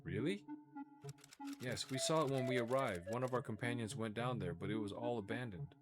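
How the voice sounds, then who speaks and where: A man's voice: medium pitch, fairly quick, natural voice. Stranded young woman student, earnest and pleading, read by a man, game music behind.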